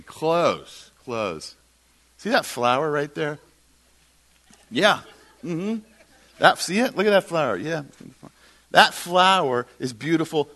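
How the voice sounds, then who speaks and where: A preacher acting out an amused, patient teacher. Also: male voice, on the high side, full character voice. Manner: gently insistent, playfully repetitive. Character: patient, amused male teacher pointing at birds.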